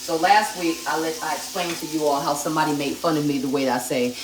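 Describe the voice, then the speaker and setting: A woman with a low, steady voice talks fast while hosting a live cooking stream from her home kitchen, chatting straight to her viewers as she cooks. A distant phone camera picks her up in the echoey kitchen, with frying and a sizzling pan in the background noise.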